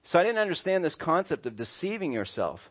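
A man's voice: fairly high pitch, sing-song, quick pace, slightly rough. A male pastor preaching a sermon in a conversational way and acting out little voices, in a dull lo-fi recording.

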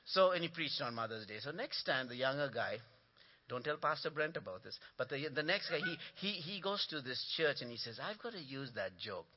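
A man's voice: on the high side, brisk, muffled recording. A man preaching as a guest speaker in a church, telling jokes and calling out to the congregation. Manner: animated storytelling with punchlines and congregation call-and-response. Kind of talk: sermon. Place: church sanctuary.

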